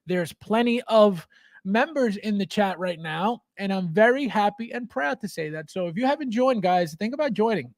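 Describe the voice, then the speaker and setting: A man hosting a casual livestream, reading viewer comments and talking in an animated way, with many repeated words and restarts. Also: sits high, moderate pace, no room sound. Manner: animated, repetitive, stammering restarts, laughs often. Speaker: livestream host.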